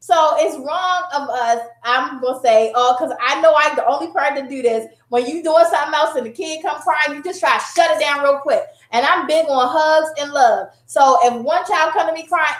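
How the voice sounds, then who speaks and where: Animated high-voiced middle-aged woman. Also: normal speed, few pauses, echoey room. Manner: animated, emphatic storyteller. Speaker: talk show panelist. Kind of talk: casual storytelling chat.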